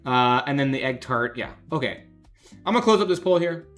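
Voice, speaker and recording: Guy livestreaming fan art judging, jokey and chatty, voice jumps all over, soft music behind. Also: medium pitch, expressive, brisk. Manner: chatty, jokey, reads donations aloud, laughs often. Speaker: game developer streamer judging fan art. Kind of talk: casual livestream commentary.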